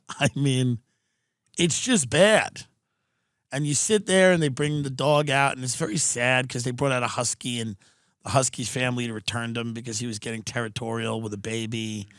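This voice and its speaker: Animated man telling comedic stories. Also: medium pitch, normal speed, no room sound, clean studio sound. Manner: animated, profane, mimics people in quoted voices. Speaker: podcast host. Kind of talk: comedic storytelling chat. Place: Southern California.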